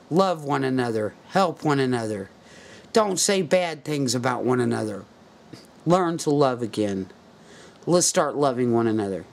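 A man's voice: medium pitch, creaky. A man talking to camera in an angry, preachy rant, urging viewers to act. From United States. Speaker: video blogger. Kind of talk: impassioned political rant to camera.

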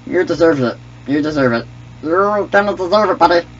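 A man putting on the voice of a goofy, clumsy male alien sidekick in an excitable, trash-talking way while commenting on a game, with sing-song babble. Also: fairly high pitch, a little fast, close to an everyday voice. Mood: gleeful. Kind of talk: gaming commentary in a character voice. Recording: dull lo-fi mic with faint hum.

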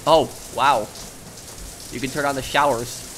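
A man's voice: mid-range voice, fairly even intonation, a little slow, a bit bright, a little hiss or hum. A man giving casual let's play commentary in a chatty way, full of ums and you-knows. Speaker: gameplay commentator.

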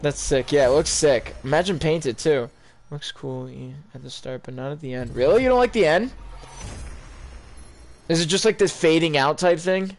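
Young guy gamer rambling through his reactions, gets hyped, lots of ums, voice sits kinda high. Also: normal speed, a little hiss or hum. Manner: excitable, rambling, frequent ums and gasps. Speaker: gaming YouTuber. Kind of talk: casual live reaction commentary.

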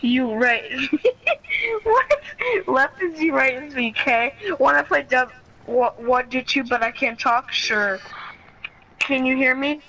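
A woman's voice: sits high, takes it slowly, pauses often, pushed and bright, slight background noise, low-quality recording. A woman streaming a video game, rambling through a story about chat messages and giggling often. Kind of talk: casual gaming stream chat.

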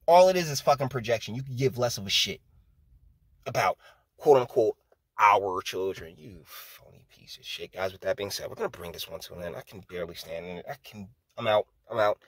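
A man's voice: lowish voice, brisk, no echo. Heated, profane male commentator. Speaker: commentary channel host. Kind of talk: ranting political commentary.

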